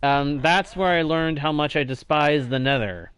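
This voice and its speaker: A man with a slightly nasal voice live-streams a game, chatting casually with viewers, thanking them often and laughing easily. His voice sits on the high side and is bright and smooth, at a moderate pace.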